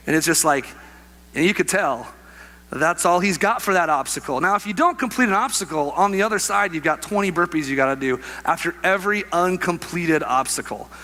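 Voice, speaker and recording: A young adult male pastor delivering a sermon with a bright, forceful tone and a voice that sits a touch high. He tells a personal story in an animated, conversational way, acting out the voices of other people.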